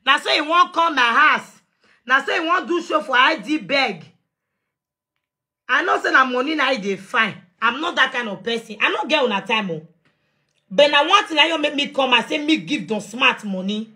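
Nigerian woman, young adult, heated live rant, high and bright, confrontational, phone mic. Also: lively intonation, normal speed. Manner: confrontational, defiant, shouting at times. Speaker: live-stream host.

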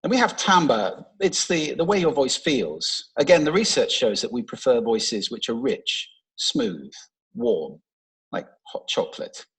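A man gives a talk to a large audience, in a slightly husky voice. He plays with his delivery, and his pitch swings widely and lively from phrase to phrase. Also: moderate pace, hardly any pauses, rough recording. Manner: expressive, playful, demonstrates voice techniques. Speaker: speaker giving a talk on stage. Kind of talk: public talk with vocal demonstrations. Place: large stage before an audience. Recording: played from a talk recording.

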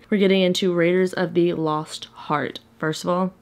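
A woman's voice: lowish voice, steady tone, a little fast, vocal fry, hardly any pauses. A woman, chatting playfully at home as a reading vlogger, sometimes dropping to a whisper. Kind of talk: casual vlog chat. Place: home, indoors.

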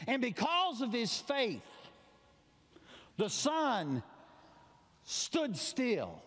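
Preacher, male, high and very animated, dramatic storyteller, long hall reverb. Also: drawn-out words, pauses often. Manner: dramatic storytelling, acting out voices, swings between loud cries and quiet asides. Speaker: pastor. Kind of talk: sermon. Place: church sanctuary.

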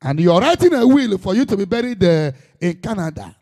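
A man's voice: high voice, big pitch swings, brisk, mellow. A man preaching an impassioned sermon in Igbo-accented Nigerian English, dropping in Igbo phrases.

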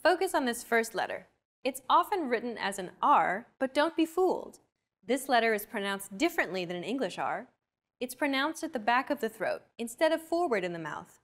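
A woman hosting a language lesson, explaining pronunciation in a clear, even, scripted way. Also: fairly high pitch, normal speed. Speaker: lesson host.

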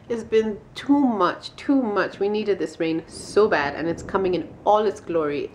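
A woman's voice: mid-range voice, a little slow, few pauses, background noise. A woman vlogging at home in a casual, bubbly way, laughing often as she talks to the camera. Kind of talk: casual vlog chat. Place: at home, indoors.

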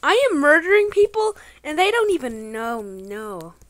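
A woman giving excitable, slangy commentary over her own gameplay, bursting into exclamations. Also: sits high, normal speed. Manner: playful trolling banter, slangy. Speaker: gaming channel host.

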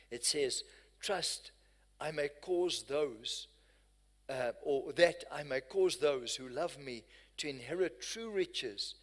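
A man preaches from the pulpit, his fairly high voice carrying through a church hall with a long, ringing reverb. His delivery moves between hushed tenderness and loud, passionate declaration. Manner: impassioned preaching, swinging between soft and loud. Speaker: pastor. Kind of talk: sermon. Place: church sanctuary.

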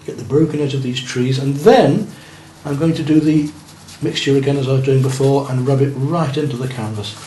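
In a beginners' painting class, an art teacher coaches and encourages students and checks their work as he paints. He talks a little fast with few pauses, at medium pitch with a dark tone. Faint noise is audible in the roomy room.

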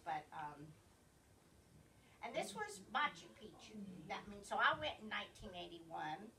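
A woman with a Southern American accent giving a chatty, digressive talk at a library, often losing her place and getting it back. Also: mid-range voice. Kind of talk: informal slide presentation. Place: library meeting room. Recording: distant room recording, faint hiss.

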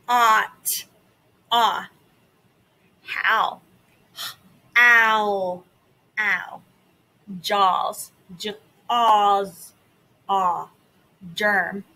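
A woman teaches young children phonics, stretching out each sound at an unhurried pace. Her voice is bright and forward, with a cheerful, encouraging classroom manner. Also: fairly high pitch. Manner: slow, deliberate enunciation of sounds and words.

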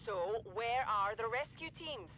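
A woman's voice: fairly high pitch, expressive, a little slow, bright, forceful tone. An actress voicing a demanding, scared woman stranded after a crash, heard through a game audio log. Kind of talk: game voice acting.

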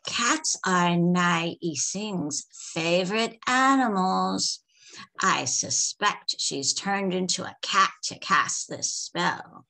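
A woman voicing an old male village medicine man, calm and grumbling, with an unhurried drawl. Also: lowish voice, creaky, heavily acted.

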